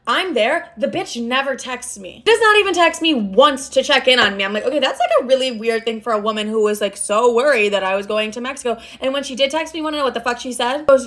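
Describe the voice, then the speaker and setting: A woman's voice: sits high, fast, few pauses, a bit bright. A young adult woman telling a casual vlog story, frank and profane, rambling with lots of fillers. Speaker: social media storyteller.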